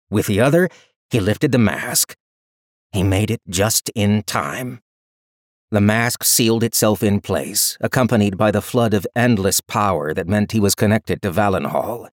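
A man narrating a fantasy audiobook in an expressive, dramatic storytelling style on a close studio mic. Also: fairly low pitch, unhurried, no room sound. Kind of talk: scripted narration.

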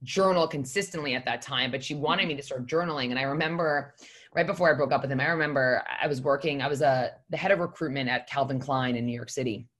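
A woman's voice: extremely low pitch, fast, fairly bright tone. A woman guest on a podcast, telling her story in a candid, rambling way and swearing for emphasis. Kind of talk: casual podcast conversation.

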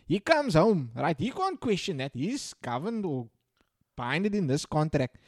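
A young man in casual podcast chat, profane and animated, breaking into sudden loud rants. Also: a little high, a little slow, no room sound, studio quality. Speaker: podcast co-host.

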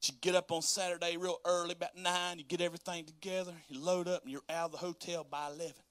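A pastor delivering a sermon in a high, forceful voice. He talks in a folksy, casual way, full of asides. He acts out everyday moments with animated energy, and the sound is dry and close. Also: fast talker, dry recording.

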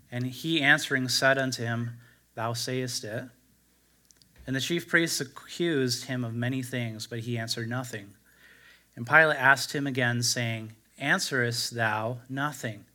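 Male preacher, bright ringing tone, reads scripture aloud as a sermon and lifts his voice for the quoted lines. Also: mid-range voice, measured pace. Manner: reads the King James text aloud, rising for quoted cries.

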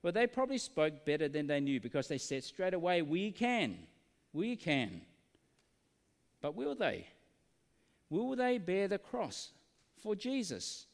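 A man preaching a sermon, earnest and full of rhetorical questions, slowing down to stress key words. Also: high voice, very animated, creaky, in a large hall.

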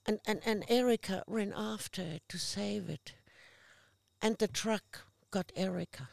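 A woman telling stories in a lively, chatty way, slipping into the voices of the people she quotes. Her voice has a strong gravelly crackle and sits at an ordinary middle pitch. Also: unhurried, dry recording. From Australia. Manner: lively anecdotal storyteller, acts out quotes. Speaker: actress guest. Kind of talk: casual chat.

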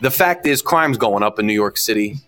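A man's voice: fairly low pitch, expressive, normal speed, a bit bright, soft background music. A man hosting a podcast, giving emphatic, repetitive, frustrated political commentary on his own. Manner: mocks opponents in put-on whiny voices. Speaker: podcast host. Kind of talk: opinionated solo political commentary. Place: lives near New York City.

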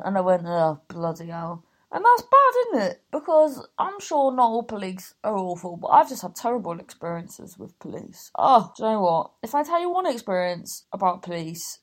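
A woman in her thirties from Cornwall, England, with an English accent, hosting a podcast in casual chat, rambling through stories with plenty of swearing and tangents. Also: medium pitch. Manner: rambling, swearing storyteller who goes off on tangents. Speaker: podcast host.

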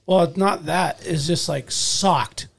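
A man telling a hunting story in casual chat, animated, acting out moments with loud and hushed swings. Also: high voice, takes it slowly, vocal fry, breathy edge.

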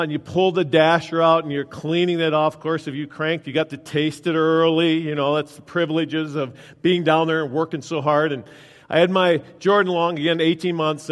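A man's voice: fairly high pitch, a bit bright. A man preaching a sermon in a folksy, joking way, chatting with his congregation. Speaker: pastor. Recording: long reverb of a hall.

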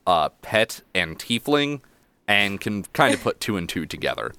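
A male game master with a low, smooth voice narrates a tabletop game. His descriptions are relaxed, and the sound is dry and close. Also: normal speed, no room sound.

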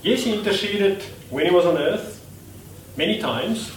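A man gives a sermon in a church hall. He talks conversationally, with a lively, high-leaning voice that he swings widely as he acts out quotes. He is recorded from a distance in a roomy space with faint background noise. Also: measured pace. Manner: self-deprecating, laughs at himself. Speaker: preacher. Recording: echoey room from a distance.

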